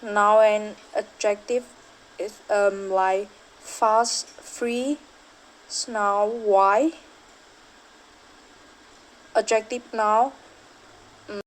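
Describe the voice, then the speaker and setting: A woman's voice: medium pitch, fairly even intonation, extremely slow, long pauses, poor audio. A young woman student reading a class presentation, hesitant, with frequent fillers and self-corrections.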